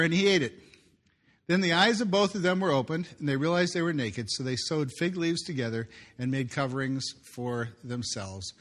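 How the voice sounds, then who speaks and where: A man's voice: on the high side, fairly bright tone. A man preaching a sermon, reading scripture aloud and breaking in with jokey asides. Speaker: pastor.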